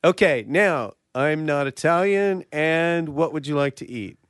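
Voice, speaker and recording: Man, smooth clear voice, fairly high, dry absurd humor, improv comedy. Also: expressive, measured pace, fairly bright tone, no room sound. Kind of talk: improvised comedy sketch and banter.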